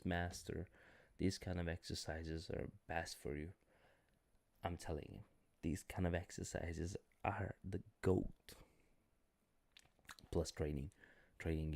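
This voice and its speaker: Deep hoarse man rambling on a stream. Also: dark tone. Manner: rambling, blunt, self-correcting. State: hoarse, voice cracking; tired. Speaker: live streamer. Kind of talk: casual live-stream talk.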